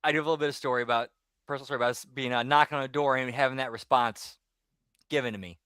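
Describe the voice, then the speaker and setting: A man co-hosting a podcast, telling personal stories in a loose, rambling way that often trails off quietly. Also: mid-range voice, steady tone, very fast, smooth, no room sound, studio quality. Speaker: podcast co-host. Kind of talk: casual storytelling chat.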